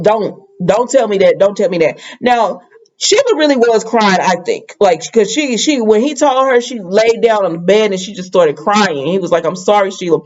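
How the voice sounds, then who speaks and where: A woman's voice: mid-range voice, darkish tone, muffled recording. A woman chattily recapping a soap opera episode for viewers in a casual spoken style. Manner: chatty, addresses viewers directly.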